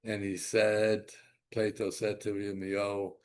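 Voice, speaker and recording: An older man, a rabbi, giving an animated Torah lecture with emphatic repeats and restarts. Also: lowish voice, measured pace.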